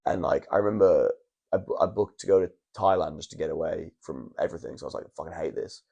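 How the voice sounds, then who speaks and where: A man's voice: extremely low pitch, quick pace, vocal fry, mellow, breathy edge, highs cut off. A young man, a wrestler, telling long stories in a casual podcast chat in a hotel room, with restarts and swearing. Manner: rambling storytelling, frequent restarts and swearing.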